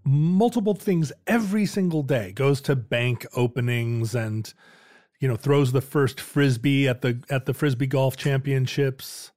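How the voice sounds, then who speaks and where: A man's voice: mid-range voice, unhurried, darkish tone, no room sound, studio quality. A man co-hosting a podcast, chatting casually and teasing his partner with anecdotes. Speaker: podcast co-host. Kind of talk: casual chat.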